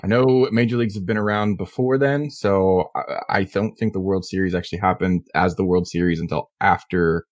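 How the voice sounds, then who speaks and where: A man's voice: deep voice, fairly even intonation, moderate pace, hardly any pauses, dry recording, studio quality. A man on a sports podcast who thinks aloud in an easygoing way. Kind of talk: casual podcast chat.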